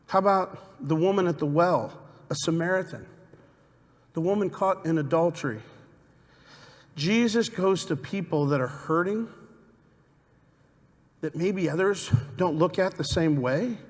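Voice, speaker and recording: A middle-aged male preacher with a fairly high voice tells stories from the pulpit and keeps turning to the congregation with questions. His words ring out with a long reverb through a large church hall. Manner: conversational, asks the congregation questions. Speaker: guest pastor. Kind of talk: storytelling sermon. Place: church sanctuary.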